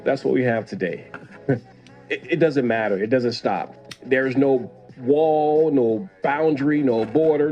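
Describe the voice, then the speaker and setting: A man's voice: mid-range voice, mellow, muffled recording. A man, a former police officer, hosting a casual commentary show in a conversational, opinionated way. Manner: conversational, opinionated, reads viewer email aloud.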